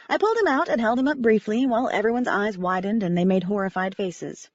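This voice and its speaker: A woman narrating a first-person audiobook in a wry, animated manner. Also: mid-range voice, fast talker, hardly any pauses, no echo, highs cut off.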